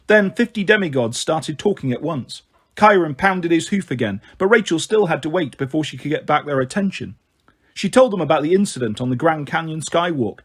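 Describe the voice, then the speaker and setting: A man reading a fantasy novel aloud as narration, slowing down for the verse lines. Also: fairly high pitch, slightly rough. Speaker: audiobook reader. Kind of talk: storybook narration with light character voices.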